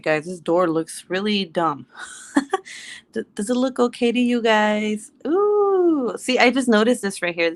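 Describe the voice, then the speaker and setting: A woman chatting casually on a home livestream, rambling and laughing often. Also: medium pitch. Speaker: livestream host.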